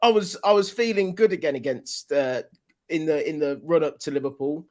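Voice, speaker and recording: A man's voice: a little high, normal speed, a little mellow. A man on a football podcast candidly explaining his team's struggles. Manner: candid, frustrated. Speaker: podcast panelist. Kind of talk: casual football podcast chat.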